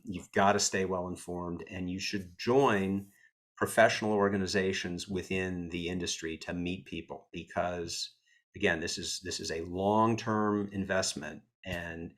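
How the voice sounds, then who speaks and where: Guest: American man, low voice, animated and a little snarky, casual interview storyteller. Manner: animated, self-deprecating storyteller with a snarky edge. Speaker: entertainment attorney guest.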